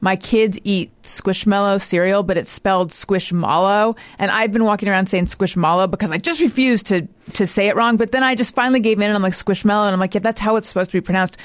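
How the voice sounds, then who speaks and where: A woman's voice: medium pitch, fast talker, few pauses, no room sound. Chatty, rambling woman, dry sound. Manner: chatty, self-deprecating, rambling. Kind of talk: casual chat.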